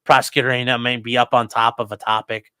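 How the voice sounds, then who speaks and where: Blunt, profane man, bright voice. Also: medium pitch, flat delivery, fast, clear, resonant tone, no room sound, studio quality. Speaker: lawyer and commentary host. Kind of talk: live-stream legal commentary.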